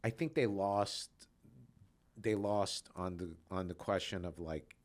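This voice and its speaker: A man's voice: deep voice, slow. A man co-hosting a podcast as a lawyer, giving short agreeing replies and blunt opinions. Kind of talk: casual podcast conversation.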